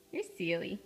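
Woman pet owner, affectionate sing-song baby talk, lively voice over clear music. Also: sits high. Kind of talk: cooing baby talk to pets.

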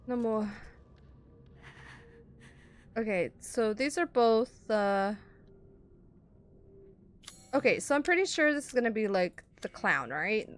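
A woman's voice: a little high, animated, slow, pauses often. A woman commentating a horror video game as she plays, jumpy and chatty, talking both to the game and to her viewers. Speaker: gaming streamer.

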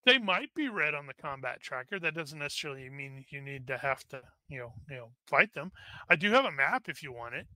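A man's voice: on the high side, big pitch swings, fairly quick, pushed and bright, no room sound. A man narrating as game master of an online tabletop game, rambling with many fillers and restarts.

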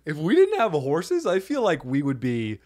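A man hosting a casual comedy podcast, playful and quick to laugh as he riffs on jokes. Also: on the high side, wildly swooping pitch, a little mellow. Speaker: podcast host.

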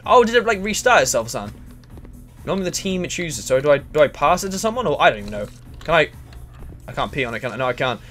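A man giving crude, excitable let's play commentary and chatting to the characters in the game. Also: fairly high pitch, quick pace, faint music behind. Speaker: gaming channel host.

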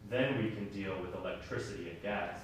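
A man's voice: deep voice, a little fast, lightly acted. A man playing an apologetic waiting man in an echoey hall. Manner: apologetic, repetitive. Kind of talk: stage play reading. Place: theater stage. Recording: echoey stage from far off, faint noise.

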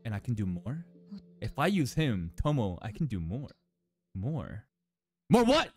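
A man hosting an anime reaction channel, chatting casually and excitably with slang and frequent laughter. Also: mid-range voice, unhurried, breathy edge, no echo, faint music behind.

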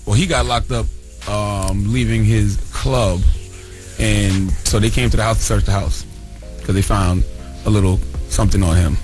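A man's voice: on the low side, fairly even intonation, normal speed, darkish tone, soft background music. A man co-hosting morning radio, blunt and teasing in his banter, speaking into a studio mic. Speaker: radio co-host. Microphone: studio microphone.

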